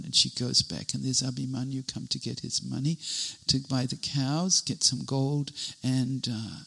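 A man retelling a devotional story in an animated way, linking events with many "and then"s. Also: medium pitch, a little slow, vocal fry, husky, low-quality recording.

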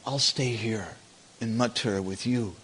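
A man's voice: lowish voice, measured pace, slight background noise. A man voicing a tender, troubled old cowherd king. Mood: tearful. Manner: troubled, soft. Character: aging cowherd king father, tender and tearful.

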